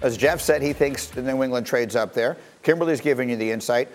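A man hosting a sports talk show, moderating his panel with brisk, wry remarks. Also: medium pitch, soft background music. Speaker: host.

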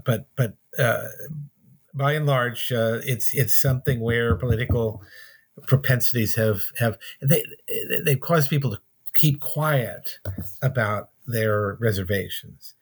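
A man, an author answering interview questions thoughtfully, in a halting way with many pauses and restarts. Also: medium pitch, breathy edge.

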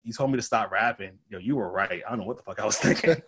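Animated young man telling stories. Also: fairly low pitch, fast, breathy edge. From Boston area. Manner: animated storyteller, acts out quoted voices. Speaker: comedian. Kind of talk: casual podcast chat.

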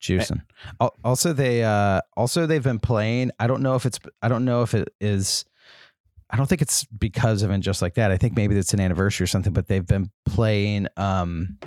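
Rambling man, low voice. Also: brisk, a little mellow, no echo, studio quality. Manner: rambling storytelling with many ums. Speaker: podcast co-host. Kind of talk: casual chat.

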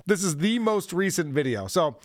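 A male podcast host talking casually and mockingly about online clips. His voice sits a bit high and swings widely in pitch. The sound is dry, with little room echo. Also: big pitch swings, moderate pace. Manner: sarcastic, mocking, laughs often. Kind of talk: casual commentary on played clips.

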